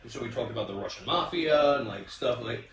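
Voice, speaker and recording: A man hosting a casual round-table chat, telling stories in an animated way with many restarts and fillers. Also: medium pitch, brisk, echoey room, distant mic, a crowd in the background. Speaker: podcast host.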